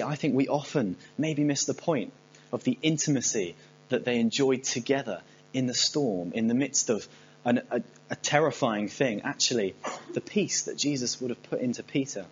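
A man's voice: medium pitch, normal speed. Brief: male pastor, conversational sermon, playful asides; muffled recording, faint hum. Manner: conversational, humorous storytelling. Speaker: preacher.

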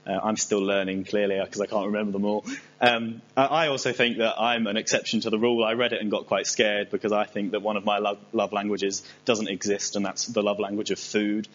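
Preacher, chatty and humorous. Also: male voice, lowish voice, level tone, a little fast. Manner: conversational, humorous storytelling. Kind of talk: sermon. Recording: slightly dull recording with faint hum.

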